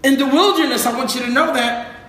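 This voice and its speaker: A man's voice: extremely high pitch, brisk, a bit bright. A man preaching a sermon in a conversational, joking way, asking the congregation to repeat words. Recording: very echoey room with faint noise.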